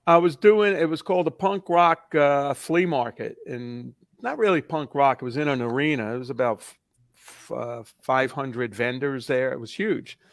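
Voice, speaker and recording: Male co-host, raspy and dry, easygoing anecdote teller. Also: mid-range voice, normal speed, dry recording. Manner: loose, chatty, tells travel anecdotes. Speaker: podcast co-host, band member. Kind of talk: casual chat, storytelling.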